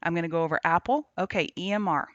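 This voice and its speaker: Talking fast in a lowish voice, a woman hosts a live trading stream from a remote setup on the road. She mixes chart talk with casual chat and greetings to viewers by name. There's no room sound, and the recording is dull, dry, and lo-fi.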